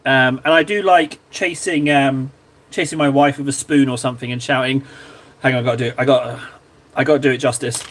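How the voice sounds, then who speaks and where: His voice here is medium in pitch, fairly even and bright, moving a little fast. He hosts a miniature-painting live stream, talking in a rambling, self-deprecating way and getting easily sidetracked.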